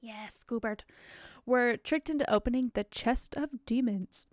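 Casual podcast chat comes from a young female co-host who rambles and uses lots of fillers, all while she has the hiccups. Her slightly high voice keeps a measured pace, and the studio sound is clean with no echo.

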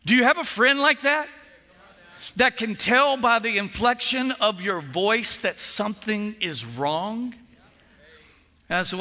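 A man preaching from the pulpit with a high, very bright voice, lively and theatrical as he acts out conversations. His words ring out with a long reverb in a large hall, and soft music plays behind him. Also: a little slow. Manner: animated storytelling, acting out phone calls. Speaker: pastor. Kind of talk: sermon.

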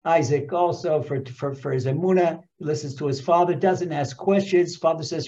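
A man teaching a Torah lesson as an animated storyteller, repeating phrases for emphasis and restarting often. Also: fairly high pitch, normal speed, few pauses. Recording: dull lo-fi recording.

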